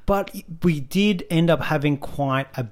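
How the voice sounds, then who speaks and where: A man's voice: a little high, a little slow, darkish tone. A man with an Australian accent co-hosting a casual chat show, talking in a chatty way with playful asides. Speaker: podcast co-host.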